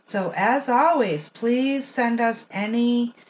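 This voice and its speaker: A woman's voice: on the high side, slow pace. A woman co-hosting a paranormal investigation show, chatting casually about recordings and asking her partner's opinion. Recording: muffled lo-fi recording with faint hiss.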